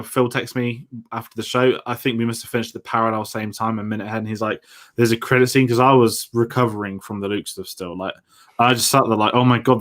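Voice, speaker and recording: A man's voice: medium pitch, fairly bright tone. A man co-hosting a film discussion show, talking in a chatty, rambling way with lots of fillers. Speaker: podcast co-host.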